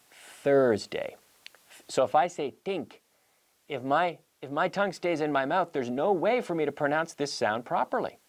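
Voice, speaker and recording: A man hosting a playful English lesson, mixing in Spanish and drilling pronunciation. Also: mid-range voice. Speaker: English teacher and show host. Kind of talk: lively televised English lesson.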